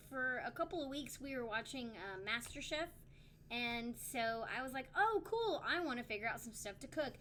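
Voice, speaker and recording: A young woman co-hosts a livestreamed chat, her voice sitting a little high as she rambles through stories with plenty of "like" and "uh". A faint hiss lies under the recording. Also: fairly bright tone. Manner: rambling storyteller with many fillers and restarts. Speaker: podcast co-host.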